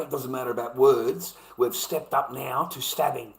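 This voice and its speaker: A man's voice: medium pitch, steady tone, normal speed, roomy sound, low-quality recording. A man with an Australian accent, ranting heatedly to camera and swearing constantly as he repeats his points. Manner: profane, heated, repetitive.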